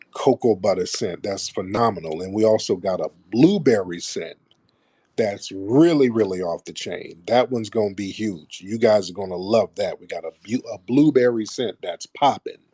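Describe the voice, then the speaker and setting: A man's voice: lowish voice, dark tone, breathy edge, dry recording. A middle-aged man hosting a radio show, talking bluntly and profanely to his listeners in a casual monologue. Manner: mocks others in put-on voices.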